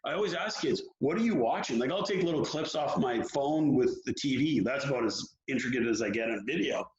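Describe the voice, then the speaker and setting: A man who coaches young hockey players, talking frankly and telling stories in an animated way during an interview. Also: mid-range voice, fairly quick. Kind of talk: candid interview talk. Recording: roomy, dull lo-fi sound.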